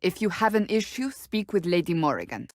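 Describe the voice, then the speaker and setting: A woman's voice: on the low side, big pitch swings, fairly quick, darkish tone, no room sound, clean studio sound. An actress playing a stern, blunt female warrior in curt, formal video game companion dialogue.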